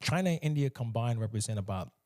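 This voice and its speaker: A man from the United States giving animated, emphatic solo commentary, often slipping into mocking voices. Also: medium pitch, fast.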